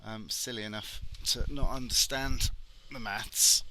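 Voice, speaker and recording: A man's voice: mid-range voice, fairly even intonation, unhurried, bright, forceful tone, rough recording. A man who is a property expert, giving blunt, sarcastic vlog commentary while driving a car. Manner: blunt and sarcastic, swears freely.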